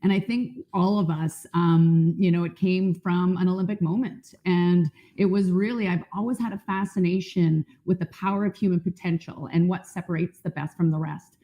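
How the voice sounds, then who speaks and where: A woman's voice: fairly low pitch, fairly even intonation, normal speed, few pauses, mellow. A woman from Canada, a panel guest, telling her own story in an earnest, reflective way with some filler ums. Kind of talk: personal storytelling. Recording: dull lo-fi sound.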